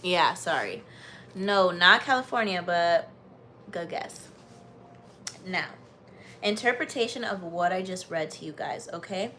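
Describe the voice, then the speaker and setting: A woman's voice: lowish voice, moderate pace, a little hiss or hum. American woman reading a book aloud live. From United States. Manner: reads with steady emphasis, then breaks off into chatty, bubbly asides. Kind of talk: reading aloud to live viewers, with casual chat.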